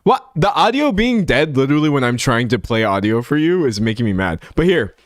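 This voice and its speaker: A man's voice: mid-range voice, very animated, a little fast, dry recording, studio quality. Laughing man ranting on a livestream. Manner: laughs often, rambling with restarts. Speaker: livestream host. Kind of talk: casual livestream rant. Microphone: streaming microphone.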